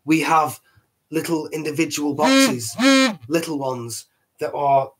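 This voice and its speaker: A British man with a husky, chesty voice hosting a live online show in a rambling, casual way, often restarting his words. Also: a little high, slow, low-quality recording. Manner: rambling, repeats and restarts words, laughs at himself. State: chesty, a bit hoarse. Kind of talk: casual live-stream talk.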